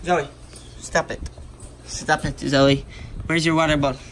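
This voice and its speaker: A young man vlogging casually, excitable and out of breath after chasing animals outdoors. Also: on the high side, unhurried, a little hiss or hum. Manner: excitable, yells in panic. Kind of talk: casual vlog narration. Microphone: handheld camera.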